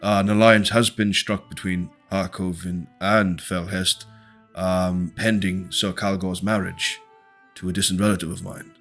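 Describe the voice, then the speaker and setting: A polite lord who stumbles over his apologies, as a man acts him out in a tabletop game. The voice is bright and a bit low, with faint music under it. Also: level tone, measured pace, heavily acted. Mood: courteous. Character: courteous, flustered male lord.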